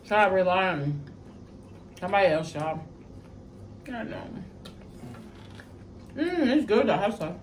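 A woman's voice: mid-range voice, sing-song, unhurried, pauses often. A woman hosting a casual eating show, chatting to viewers as she eats and murmuring over the food. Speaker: mukbang channel host. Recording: distant mic with faint noise.

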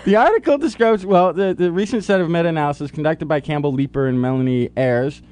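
A man's voice: on the high side, steady tone, fast, a little mellow, clean tone. A man co-hosting a college radio science talk show, joking and reading with playful drama. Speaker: co-host.

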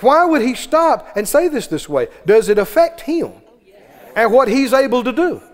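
A man's voice: very high voice, very animated, moderate pace, long reverb tail. A man preaching a sermon to a congregation, with fervent, repetitive exhortation.

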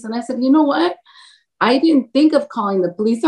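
A woman's voice: sits high, expressive, a little fast, darkish tone. A woman giving a personal faith testimony as a guest, storytelling animatedly, acting out quoted dialogue and laughing often. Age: adult, married with a grown son. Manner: laughs often while talking. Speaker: interview guest.

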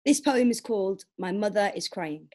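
A young woman performs spoken word poetry in a steady, plainspoken storytelling voice. Her pitch sits in a middle register for a woman. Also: normal speed. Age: young adult. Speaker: poet.

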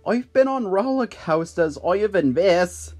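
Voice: mid-range voice, lively intonation, a little slow, a little mellow, voice pushed up, lightly acted. A narrator voicing a confident, teasing young princess in an audiobook, bossy and playful, with faint music behind. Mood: breezy. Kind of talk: audiobook character voice.

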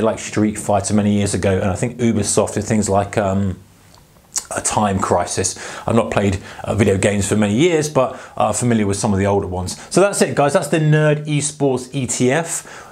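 A man's voice: mid-range voice, darkish tone. A man with a British accent hosting a trading channel, explaining in a loose, chatty way with many fillers and speaking to viewers as guys. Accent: British English. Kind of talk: casual explainer talk.

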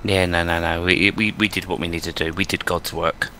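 Male gamer, bright and playful, faint background noise. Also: low voice, steady tone, brisk. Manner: joking, playful. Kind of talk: casual gaming chat, reading quest text aloud.

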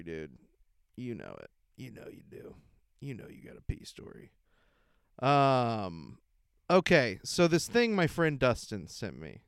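A man's voice: mid-range voice, clean tone, dry recording, studio quality. A young man hosting a casual solo podcast, rambling with many fillers, laughing and swearing as he tells stories. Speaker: podcast host.

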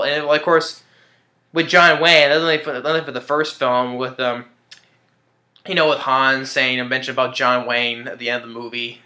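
Man, casual movie review, rambling, halting restarts, clear bright tone, roomy echo. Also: mid-range voice, steady tone. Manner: rambling, hesitant, with many restarts and chuckles.

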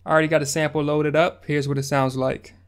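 A man's voice: fairly high pitch, level tone, fast talker, clean tone. A man hosting a music production tutorial, talking through the steps in a laid-back, slangy way. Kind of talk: casual screen-recorded tutorial narration.

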